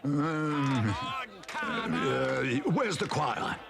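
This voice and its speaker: A gravelly old badger. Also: male voice, a little high, sing-song, drawn-out words, heavily acted. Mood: flustered. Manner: gravelly, blustering, fussy. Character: gruff elderly male badger, kindly organiser. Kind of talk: 1980s stop-motion cartoon acting.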